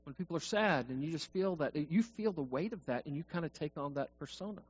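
A man's voice: fairly high pitch, animated, brisk, breathy edge. A man preaching a sermon, talking conversationally and asking the congregation questions. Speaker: pastor. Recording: dull lo-fi recording.

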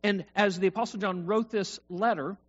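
A man's voice: sits high, steady tone, moderate pace, husky. A man preaching a sermon, talking conversationally and asking the congregation questions. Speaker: pastor. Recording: dull lo-fi recording.

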